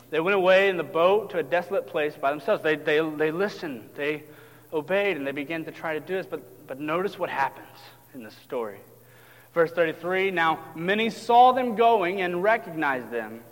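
A man preaching a sermon in a casual, animated way, acting out the voices of the people in the story. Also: a little high. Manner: animated, acts out voices of disciples and crowds, casual asides. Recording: long hall reverb.

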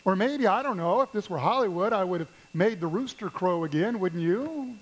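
A pastor preaching a sermon at a church service, telling stories and addressing the congregation with emphasis. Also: male voice, high voice, animated, moderate pace, rough recording. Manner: storytelling, emphatic, speaks to the congregation.

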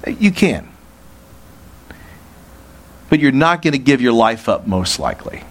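A man's voice: mid-range voice, expressive, fairly quick. A male pastor preaching a sermon in an earnest way, asking rhetorical questions.

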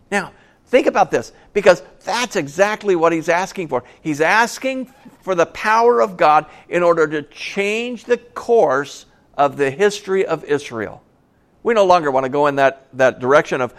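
A man preaching a conversational sermon, telling a Bible story with folksy, animated asides. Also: fairly high pitch, moderate pace.

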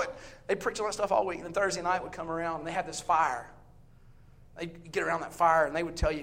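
A middle-aged man from the American South with a Southern accent, preaching a sermon in church, loud and storytelling, swinging from shouted lines to quiet asides. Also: sits high, a little fast. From Southern US, Texas.

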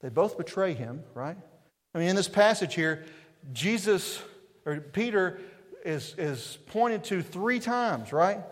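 East Tennessee pastor preaching in a reverberant hall. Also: male voice, high voice, lively intonation, slow pace. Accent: East Tennessee Appalachian. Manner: conversational preaching with frequent rhetorical questions and "right?". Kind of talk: sermon. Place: church sanctuary.

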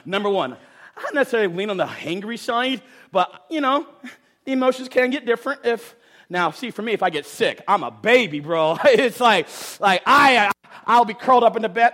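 A pastor in his thirties preaches an animated, playful sermon in a voice that sits high. He swings between loud outbursts and hushed asides, repeating words for emphasis.

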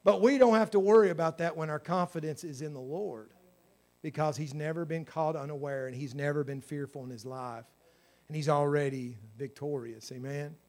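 Man, pastor, high voice, sermon, loud bursts and soft asides. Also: moderate pace. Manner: preaching with swings between loud exclamations and hushed asides.

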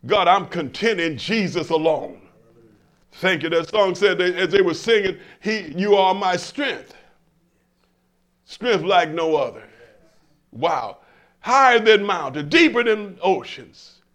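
An older man delivers a sermon in a fairly high voice. He stumbles over repeated words, then swells into emphatic lines and tosses questions out to the congregation. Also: animated, slow pace, fairly bright tone. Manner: call-and-response, stammering restarts, emphatic swells. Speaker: preacher. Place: church in front of a congregation.

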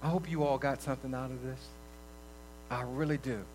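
A man preaching a conversational sermon to a room and an online audience, swinging between loud bursts and soft drops. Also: mid-range voice, fairly even intonation, fairly quick, background noise. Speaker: lay preacher. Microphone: livestream recording.

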